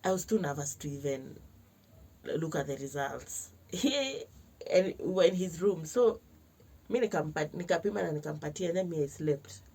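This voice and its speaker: A young Kenyan woman telling a personal story to camera in a lively vlog, switching between slangy Swahili and English and acting out other people's lines. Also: low-pitched, brisk, breathy edge. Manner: animated, mixes slang-heavy Swahili with English. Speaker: vlogger.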